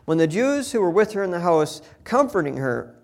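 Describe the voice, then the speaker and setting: With a high, sing-song, slightly mellow voice at a moderate pace, a male Bible teacher reads scripture and comments on it in a relaxed, chatty way. He performs the quoted lines using different voices.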